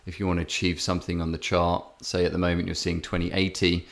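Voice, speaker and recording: English male podcast co-host, deep and gravelly, loose rambling delivery. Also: completely flat delivery, fast talker. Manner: rambling storyteller, many fillers and restarts. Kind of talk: casual podcast chat.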